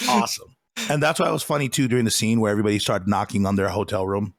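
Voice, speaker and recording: A man's voice: fairly low pitch, lively intonation, very fast, creaky, no room sound, studio quality. A man co-hosting a podcast, chatting casually about a movie, rambling and laughing as he retells scenes. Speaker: podcast co-host. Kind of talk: casual movie review chat.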